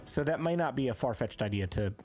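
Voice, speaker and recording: A man's voice: mid-range voice, lively intonation, fast, music in the background. A man streaming a game live, chatting casually and answering viewers as he plays. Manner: chatty, reads chat aloud and answers viewers. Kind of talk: live gameplay stream chat.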